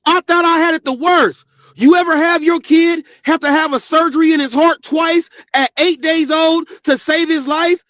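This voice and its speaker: High-voiced man ranting angrily. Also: steady tone, normal speed, fairly bright tone, no room sound. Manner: angry, profane, preachy. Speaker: podcast host. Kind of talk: ranting monologue. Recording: dull, lo-fi sound.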